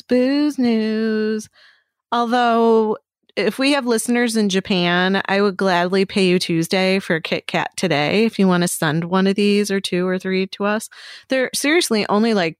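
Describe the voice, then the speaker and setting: A woman talks through a story on a podcast, lively and loose, with casual swearing. Her voice sits at an everyday middle pitch and sounds close to the mic, with no room around it. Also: dry recording. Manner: animated storytelling, swears freely. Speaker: podcast co-host. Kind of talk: casual chat. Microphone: studio microphone.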